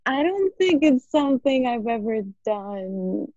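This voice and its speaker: A woman's voice: fairly high pitch, big pitch swings, a little slow, dark tone, dry recording, muffled recording. A woman hosting a podcast, chatting casually with a friend and reading a poem aloud, laughing often. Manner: laughs often, fillers and restarts. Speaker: podcast host. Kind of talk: casual chat and poetry reading.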